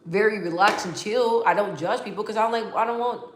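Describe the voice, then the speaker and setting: A woman's voice: mid-range voice, brisk, a little hiss or hum. A young adult woman talking candidly in a casual vlog, emotional and rambling, with frequent restarts and repeated words. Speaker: vlogger. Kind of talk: casual heartfelt vlog talk. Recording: roomy echo.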